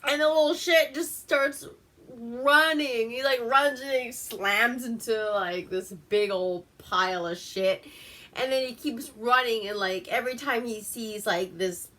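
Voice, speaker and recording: Woman, from Alaska, casual movie recap, giggly, profane, slow, bright tone. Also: on the high side. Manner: giggly, profane, rambling with many fillers. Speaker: movie reviewer host. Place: at home.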